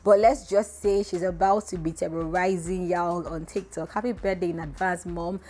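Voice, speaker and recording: A woman's voice: steady tone, normal speed, dark tone. A woman hosts a vlog, giving emphatic, rhetorical gossip commentary. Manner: emphatic and rhetorical, voice often jumping up high. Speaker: vlogger host. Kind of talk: casual celebrity gossip commentary.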